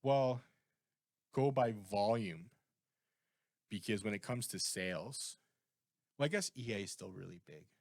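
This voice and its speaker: A man's voice: lowish voice, measured pace, pauses often, no echo, studio quality. A Canadian man co-hosting a podcast, chatting casually and rambling off on tangents. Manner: rambling, animated, goes off on tangents. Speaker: podcast co-host. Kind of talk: casual chat.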